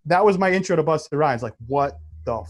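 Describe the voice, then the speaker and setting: A man's voice: fairly high pitch, fast. A man in his thirties, co-hosting a podcast, telling a story in casual chat and swearing freely. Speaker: podcast co-host.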